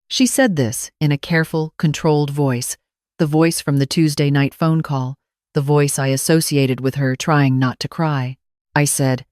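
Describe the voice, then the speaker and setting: An older woman narrating a first-person story in a measured, calm, reflective way. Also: low voice, no room sound, clean studio sound.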